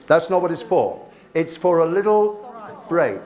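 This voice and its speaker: A man's voice: on the high side, very animated, a little slow, a little mellow. A man leading a teacher workshop, reading poem lines aloud and asking the room questions, with many restarts. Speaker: teacher trainer.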